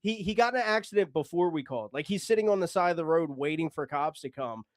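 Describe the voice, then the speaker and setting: A man's voice: on the high side, expressive, fast. A man telling a long story casually, rambling, swearing and acting out the dialogue.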